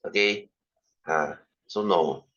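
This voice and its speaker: Bright-voiced Singaporean English tutor. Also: male voice, low voice, takes it slowly, dull audio. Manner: repetitive, rhetorical questions, ranting asides. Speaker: science tutor. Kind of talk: online class teaching.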